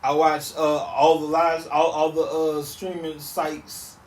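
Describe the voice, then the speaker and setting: A man in his thirties hosting a podcast, ranting casually in an animated, repetitive, emphatic way on a back porch outdoors. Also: a little high, slow. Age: 30s. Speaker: podcast host. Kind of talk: casual solo rant. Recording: roomy sound from off mic.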